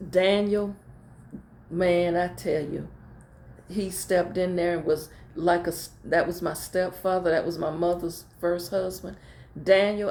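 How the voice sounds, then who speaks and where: A woman's voice: fairly low pitch, darkish tone, roomy sound, a little hiss or hum. A middle-aged woman pastor talking casually to her viewers, telling heartfelt stories in informal speech and repeating phrases for emphasis. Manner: colloquial, informal grammar. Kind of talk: casual personal talk to viewers.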